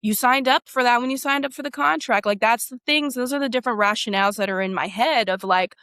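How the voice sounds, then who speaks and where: A woman's voice: fairly high pitch, quick pace, a bit bright, no echo. A woman in her thirties, a former teacher and coach, telling her story in a candid interview with emphatic, casual talk.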